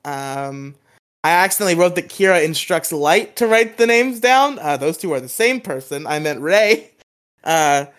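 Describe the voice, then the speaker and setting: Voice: mid-range voice, a bit bright, smooth. A podcast co-host giving a casual, rambling recap of an episode, laughing often and acting out quoted lines.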